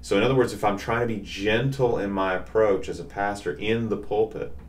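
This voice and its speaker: A Southern man in his forties with a very deep voice tells stories with a relaxed, drawling warmth. He is a pastor chatting on a podcast, animated and easygoing, with a strong low register. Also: brisk, a little hiss or hum. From Southern US, Nashville. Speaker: pastor, co-host. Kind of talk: casual chat, storytelling.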